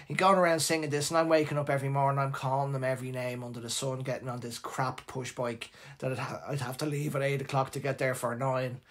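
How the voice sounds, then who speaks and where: Middle-aged dublin guy telling a story on his live show, animated and emotional, keeps restarting his sentences, mid-pitch voice. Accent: Irish, Dublin. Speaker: host.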